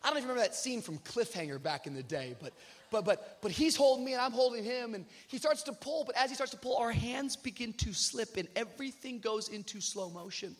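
A man with a very high voice delivers a sermon that drifts into comic storytelling. He acts out the voices of the people in the story, sometimes shouting in mock panic. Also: animated, fairly quick. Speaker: pastor.

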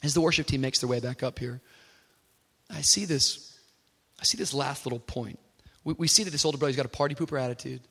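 A man preaching a sermon as a pastor, telling animated stories and building to shouted exhortation in a church. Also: mid-range voice, fast, pauses often, husky. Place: church sanctuary. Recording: reverberant church hall.

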